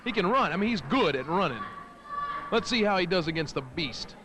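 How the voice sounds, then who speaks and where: A man's voice: high-pitched, big pitch swings, fairly quick, background noise. A man doing brash, taunting color commentary for a wrestling show, boasting and mocking the wrestlers.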